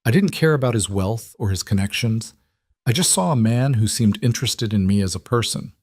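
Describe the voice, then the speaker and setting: A man voicing a nervous young woman who answers quietly and honestly, keeping her voice steady. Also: fairly low pitch, brisk, dry recording, clean studio sound. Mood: candid. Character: nervous young working-class woman, steady under pressure.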